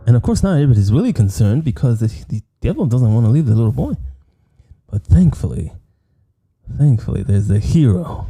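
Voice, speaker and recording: A man's voice: medium pitch, very animated, fairly quick, warm tone, faint music behind. A man giving a comedic horror movie review in a playful, jokey way, full of asides.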